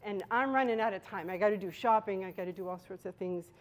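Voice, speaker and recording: Bostonian woman giving a speech. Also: mid-range voice. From Boston, USA. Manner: storytelling, emphatic pauses. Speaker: Toastmasters speaker. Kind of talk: prepared speech.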